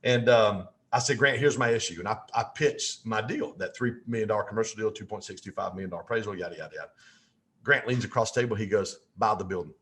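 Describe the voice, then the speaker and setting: A man telling a lively story as a podcast guest, with folksy asides. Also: fairly low pitch, fast.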